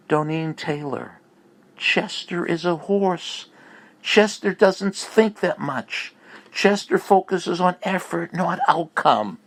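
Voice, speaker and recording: A man giving a recorded motivational message as a speaker and teacher, emphatic and repetitive like a coach. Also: fairly high pitch.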